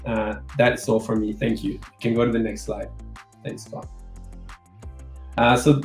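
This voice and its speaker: A man's voice: mid-range voice, level tone, measured pace, echoey room, poor audio. Male webinar presenter, feeling unwell, hesitant delivery, faint guitar music behind. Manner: hesitant, with fillers and self-corrections. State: unwell, needs cough medicine. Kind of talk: presentation wrap-up.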